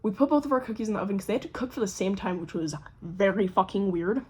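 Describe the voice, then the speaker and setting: A young woman casually telling a story to camera, animated and swearing freely, acting out the voices of the people in it. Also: mid-range voice, fast, breathy edge. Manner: animated, swears a lot, acts out quoted voices. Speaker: vlogger.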